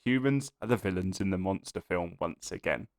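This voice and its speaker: A young man co-hosting a casual film podcast, expressive and swearing, laughing often. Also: low-pitched, a little fast. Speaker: podcast co-host. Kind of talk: casual film review chat.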